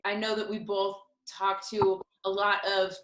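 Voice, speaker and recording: A woman hosts a relaxed interview, engaged and affirming. Her voice is bright and forceful, and it is recorded in an echoey room. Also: mid-range voice, measured pace. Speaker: podcast host. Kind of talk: casual interview chat.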